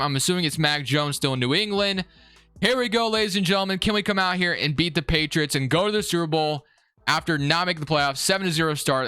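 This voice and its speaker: Bright, crisp-voiced young man commentating gameplay. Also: sits high, no room sound. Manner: excitable, swings between frustrated and hyped. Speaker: gaming YouTuber.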